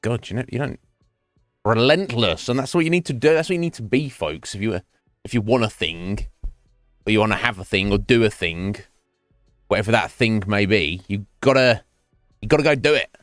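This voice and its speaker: A man's voice: lowish voice, moderate pace, a bit bright, no echo, studio quality, faint music behind. A man streaming live, chatting casually with his viewers in a rambling, self-mocking way and swearing freely.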